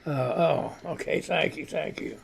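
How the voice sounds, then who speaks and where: A man's voice: fairly high pitch, measured pace, creaky, husky. A man hosting a casual live radio talk show, rambling and swearing freely, congested and wheezing with a cough. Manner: rambling, profane, laid-back.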